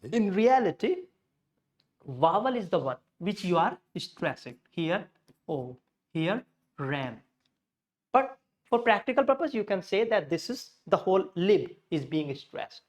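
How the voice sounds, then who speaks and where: A man with an Indian English accent teaching English pronunciation, stressing and repeating words slowly to drill the sound. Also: sits high, sing-song. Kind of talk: spoken English lesson.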